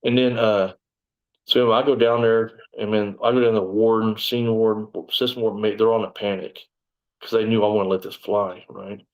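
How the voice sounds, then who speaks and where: A lowish-voiced man, telling his story in an interview. He talks bluntly and swears freely, breaking into loud outbursts when he quotes himself. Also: level tone, moderate pace, rough recording. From Texas, USA. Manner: blunt and profane, bursts out when quoting himself. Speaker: interview guest. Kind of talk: storytelling in conversation.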